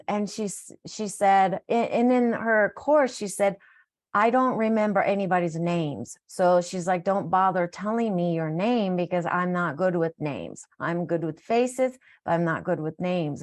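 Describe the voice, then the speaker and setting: A woman's voice: medium pitch, darkish tone. A middle-aged woman, a wellness coach, telling a heartfelt, rambling story on a recorded live call, often restarting her sentences.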